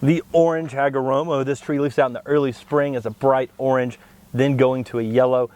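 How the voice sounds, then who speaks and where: A man co-hosting a plant show, explaining tree varieties in a steady, knowledgeable way. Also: medium pitch, brisk. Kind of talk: informative product talk.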